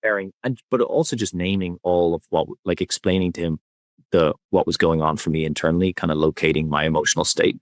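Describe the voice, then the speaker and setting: A man with a very low, deep voice speaks as a podcast guest, soft-spoken and candidly reflective. The recording is dry and close, with no room sound. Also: fairly even intonation, fast, no room sound. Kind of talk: reflective conversational interview.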